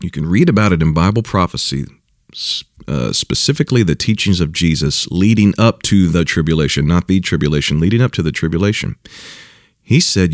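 Deep-voiced man musing in halting commentary. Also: animated, no echo, studio quality. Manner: halting and repetitive, with chuckles and mocking mimicry. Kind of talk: casual spoken commentary.

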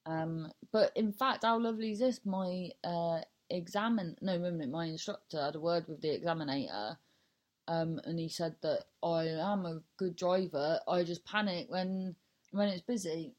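A woman's voice: on the low side, moderate pace, a little mellow, poor audio. A woman in her thirties hosting her own podcast, talking in a chatty, self-mocking ramble that swears, trails off and restarts. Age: 30s. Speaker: podcast host. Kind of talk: casual rambling monologue.

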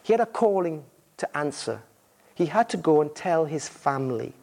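Animated male preacher, lively high voice. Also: normal speed, gravelly. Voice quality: married. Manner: animated storytelling, acting out voices in quotes. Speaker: visiting preacher. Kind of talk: sermon.

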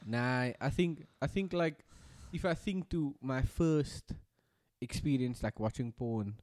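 A man's voice: mid-range voice, takes it slowly, darkish tone, no echo, clean studio sound. A young man in casual podcast chat, laid-back and hesitant, full of fillers and playful questions. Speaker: podcast co-host.

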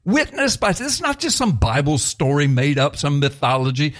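Guy preaching, animated and chatty, repeats stuff for emphasis, voice goes way up and down. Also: fairly high pitch, normal speed. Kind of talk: sermon.

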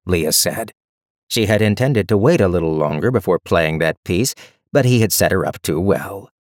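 Low-voiced male audiobook narrator. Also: big pitch swings, moderate pace, dry recording, clean studio sound.

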